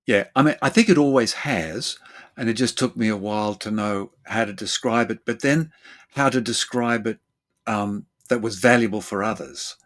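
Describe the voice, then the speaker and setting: Guy therapist chatting, keeps acting out what people say, lots of ums and restarts. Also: normal speed. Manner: animated, acts out other people's lines with jumps in pitch; thinks aloud with fillers and repeated words. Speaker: therapist and guest. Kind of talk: conversational explanation.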